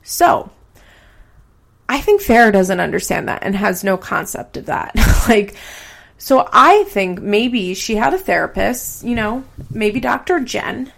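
A woman's voice: mid-range voice, big pitch swings, unhurried, vocal fry, fairly bright tone. A woman hosting a podcast in casual, chatty commentary, swearing casually and saying "like" a lot.

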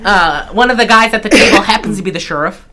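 A woman's voice: medium pitch, quick pace, bright, forceful tone, a little hiss or hum. A woman co-hosting a podcast, recapping a film in casual chat with many restarts and laughs. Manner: rambling, restarts, laughs often. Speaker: podcast co-host.

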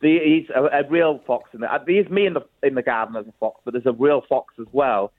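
A man's voice: medium pitch, fast talker. Jokey man on phone. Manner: jokey, playful. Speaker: comedian guest. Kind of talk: casual phone chat. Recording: tinny phone line.

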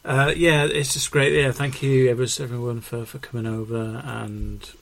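A man's voice: medium pitch, little pitch movement, normal speed, creaky, a bit bright. A man co-hosting a podcast in casual chat, hesitant with many fillers and dry quips. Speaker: podcast co-host.

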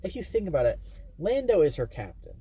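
Husky-voiced man reviewing movies. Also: high-pitched, very animated, fairly quick, warm tone. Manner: rambling, retells scenes with silly voices. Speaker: podcast co-host. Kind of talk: casual movie review chat.

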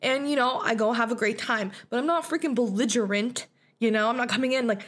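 A woman's voice: fairly high pitch, a little fast, a bit bright. A young woman hosting a podcast, telling a personal story in a blunt, profane, casual way and laughing often. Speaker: podcast host.

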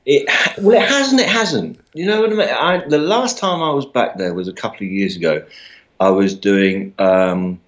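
A man's voice: medium pitch, lively intonation, moderate pace, highs cut off. A middle-aged comedian with a southern English Mockney accent, chatting in an interview, self-deprecating and laughing often, repeating words as he goes. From England. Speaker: guest comedian. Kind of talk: casual interview chat.

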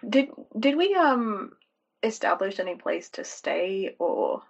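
A modest young adventurer with a husky, gravelly voice, played by a woman. She talks very slowly and mildly, never pushing herself forward. The recording is dull and lo-fi. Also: fairly high pitch, wildly swooping pitch, fairly bright tone, exaggerated voice. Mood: calm.

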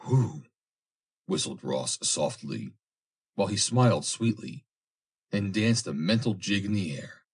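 A man narrating a story as an audiobook reader, in a measured storytelling manner. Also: sits low, breathy edge. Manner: measured storytelling, lively acted dialogue. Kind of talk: audiobook reading.

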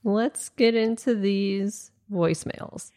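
A woman's voice: mid-range voice, takes it slowly, mellow, no room sound, studio quality. A woman hosting a podcast, drawling and joking in casual chat. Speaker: podcast host.

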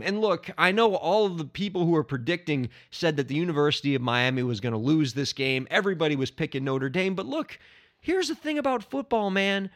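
A man hosting a podcast, talking casually and excitably, bursting into shouts and ending up out of breath. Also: fairly high pitch, a little fast. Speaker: podcast host. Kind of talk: casual solo podcast talk.

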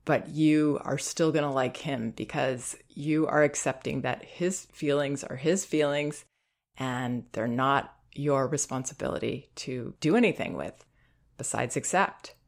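A middle-aged woman hosting a parenting advice show, speaking in a calm, unhurried, reassuring way. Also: extremely low pitch, creaky. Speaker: parenting advice podcast host. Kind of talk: advice talk.

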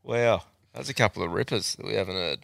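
A man with an Australian accent hosts a podcast, trading crude banter and laughing often. His voice is low and gravelly with a bright edge, recorded dry and close. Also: fast, dry recording. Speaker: podcast host. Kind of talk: casual chat.

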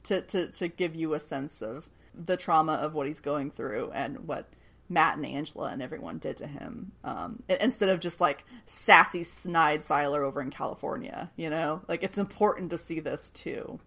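A woman's voice: sits low, normal speed, gravelly, a bit bright. A woman co-hosting a casual podcast, recapping a TV episode with lots of laughter and the odd swear word. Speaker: podcast co-host.

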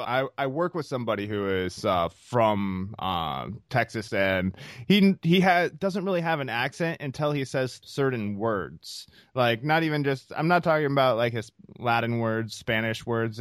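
A man's voice: medium pitch, fairly bright tone, no room sound. Man, podcast host, casual chat, curious, jokey, dry close sound. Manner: curious, jokey, rambling questions.

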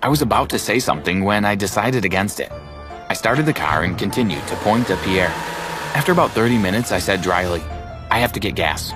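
A man with a low voice narrates a first-person story in a measured, dramatic way. Clear music runs steadily behind him. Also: animated.

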